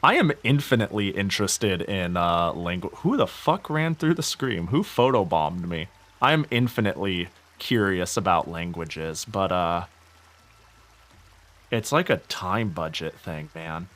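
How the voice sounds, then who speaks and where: A man's voice: low voice, measured pace. Rambling young man streaming a game. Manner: rambling and animated, laughs often, swears casually. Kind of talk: casual gaming stream chat.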